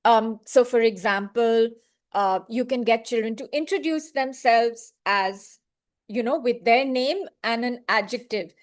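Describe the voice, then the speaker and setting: A woman training librarians in an online webinar, speaking patiently and sounding out words syllable by syllable. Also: a little high. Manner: slow, patient, clapping out syllables.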